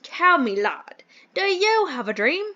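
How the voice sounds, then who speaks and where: A woman puts on a grandly pompous British gentleman from a phone dating game, all flowery speeches and fussy manners. The voice is high and bright, and it comes through a muffled, low-fi mic. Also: very animated, a little slow, full character voice. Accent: put-on British. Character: fussy old-fashioned British gentleman, a phone box employer. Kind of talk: voicing a dating sim playthrough.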